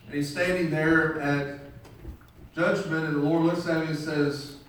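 A man's voice: on the high side, fairly even intonation, unhurried, a little hiss or hum. A man preaching a sermon and telling illustrations, acting out the voices of the people in his stories. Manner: storytelling, acts out quoted voices. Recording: very echoey room from far off.

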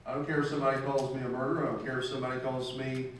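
A man's voice: mid-range voice, level tone, racing, slight background noise. A man preaching a sermon in a conversational storytelling manner, making earnest appeals to his listeners. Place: church hall. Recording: very echoey hall, mic at a distance.

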